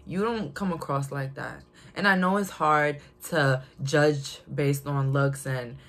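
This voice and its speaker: A woman's voice: deep voice, fairly even intonation, a bit bright. A young woman, giving a casual, outspoken tarot reading to her viewers and laughing often. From Brooklyn, New York. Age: 20s. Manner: outspoken, chatty, quick to laugh. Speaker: tarot reader.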